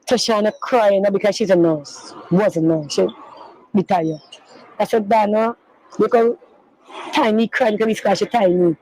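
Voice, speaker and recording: Woman, middle-aged, grieving mother, interview, halting, rambling, repeats herself, loose grammar, mid pitch. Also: dark tone, rough recording. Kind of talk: emotional personal recounting in an interview.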